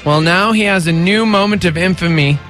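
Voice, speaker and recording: A man's voice: high voice, brisk, a bit bright, faint music behind. A man co-hosting a casual morning radio show, jokey and playful, often slipping into silly voices.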